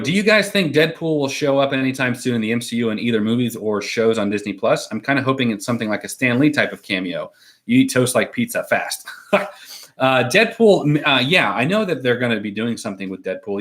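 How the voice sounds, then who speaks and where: A man's voice: mid-range voice, animated, fairly quick, fairly bright tone. A man co-hosting a casual live stream at home, reading out viewer comments and rambling through his answers with frequent fillers and laughs.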